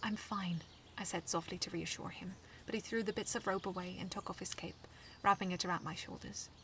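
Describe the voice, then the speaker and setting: A woman reading her own first-person fan story aloud in a soft, hushed storytelling voice. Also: on the low side, steady tone, quick pace, a little hiss or hum.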